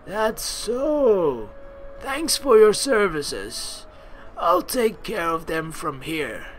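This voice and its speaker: Woman as elderly male innkeeper, gentle grandpa tone, quietly dismissive. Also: on the low side, big pitch swings, very slow, slight background noise, heavily acted. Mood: polite. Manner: soft polite grandpa voice.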